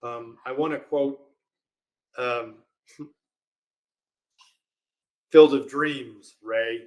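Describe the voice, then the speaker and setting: A man's voice: medium pitch, fairly even intonation, extremely slow, a little mellow. A man hosting a live question-and-answer stream, reading viewer questions aloud in a casual, chatty way and laughing often. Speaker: host of a live legal Q&A stream.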